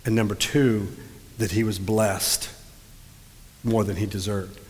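Conversational pastor preaching in a reverberant church. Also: male voice, lowish voice, flat delivery, takes it slowly. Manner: conversational storytelling preacher, shifting pace for emphasis. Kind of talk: sermon. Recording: long hall reverb.

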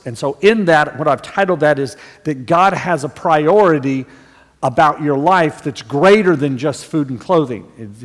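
A man's voice: a little high, in a large hall. A man preaching a sermon in an earnest voice that rises to emphatic stresses on key points.

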